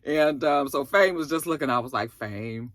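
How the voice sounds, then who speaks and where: A sassy woman recapping a TV episode in a slangy, expressive style. Her tone is bright and forceful, and she sounds close and dry, with no room echo. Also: a bass voice, moderate pace. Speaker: TV show reviewer.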